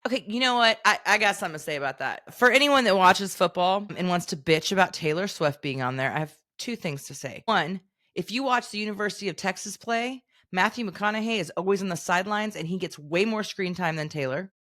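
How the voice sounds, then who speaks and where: A woman's voice: mid-range voice, brisk, hardly any pauses, sharp tone, dry recording, clean studio sound. A middle-aged woman co-hosting a podcast, chatting casually, emphatic and swearing freely. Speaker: podcast co-host.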